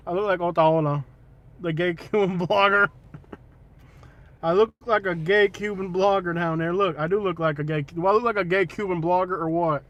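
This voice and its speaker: A man hosting a casual travel livestream, joking and teasing, with loud excited bursts. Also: sits high, normal speed, muffled recording. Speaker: vlog host.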